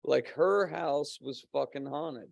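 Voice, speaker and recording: A man's voice: fairly high pitch, takes it slowly, vocal fry, dry recording. A man telling a rambling story in casual podcast chat, swearing and laughing often. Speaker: podcast guest; co-host of a paranormal podcast.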